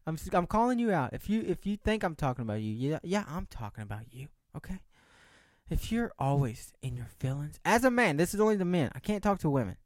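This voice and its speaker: A man's voice: fairly high pitch, dry recording, clean studio sound. A young man hosting a solo podcast, chatting in a rambling, jokey way with many restarts. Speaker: podcast host. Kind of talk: casual solo chat.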